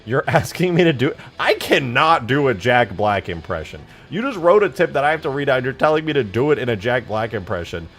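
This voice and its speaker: A young man hosting a casual livestream, hyper and jokey, often bursting into loud shouts. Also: medium pitch, big pitch swings, fairly quick, hardly any pauses, faint music behind. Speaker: livestream host and game modder.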